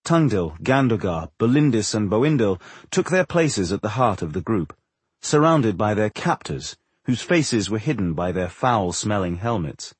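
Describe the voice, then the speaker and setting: A man reading a fantasy audiobook in expressive, measured storytelling on a close studio mic. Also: on the low side, slightly rough, no echo. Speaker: audiobook narrator. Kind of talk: scripted fantasy narration.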